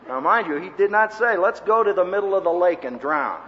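A man teaching a seminary class in a sermon-style lecture, an animated storyteller who acts out the people he quotes. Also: high-pitched, a little fast, big-room sound, highs cut off, noisy background.

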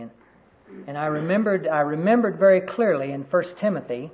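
Guy preaching earnestly, kinda high voice, muffled old tape sound. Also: darkish tone. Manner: earnest storytelling, quotes scripture. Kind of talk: sermon. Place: conference room. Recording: dull lo-fi sermon recording.

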